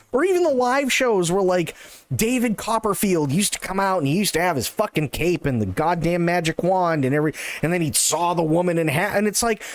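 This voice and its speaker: A male streamer rants in a sarcastic, swear-heavy style on a live stream, his voice pitched high and swinging widely up and down. The sound is close and dry, with no room echo. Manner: profane, sarcastic, animated ranting. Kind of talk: casual ranting chat.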